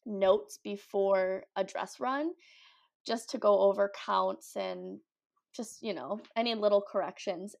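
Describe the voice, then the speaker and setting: A young woman chatting casually as a guest, upbeat and talkative. Her speech is full of "like" and little fillers, and her pitch sits in an ordinary middle range. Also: vocal fry. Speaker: guest, cruise ship ice skater. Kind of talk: casual interview chat.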